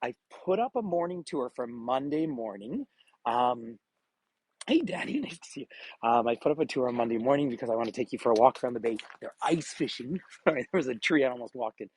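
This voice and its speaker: A travel tour guide with a medium-pitched, sing-song, slightly mellow and husky voice talks a little fast while leading a live walking-tour vlog beside a frozen bay. He's chatty, laughs often and greets viewers by name, filmed on a gimbal-mounted phone in a dry but rough recording.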